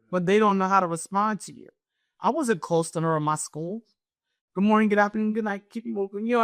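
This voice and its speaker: A middle-aged woman with a naturally loud, carrying voice tells a deeply personal story as an interview guest. She is animated and slips into the voices of the people she describes. Her pitch sits in the middle for a woman, and the sound is dry, with no room echo. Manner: animated, acts out what others said.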